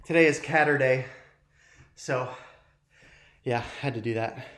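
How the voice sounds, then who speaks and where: A man's voice: mid-range voice, unhurried, a bit bright. A man hosting a live youth ministry show, chatting casually and self-deprecatingly straight to viewers. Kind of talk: casual live-stream chat. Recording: roomy echo.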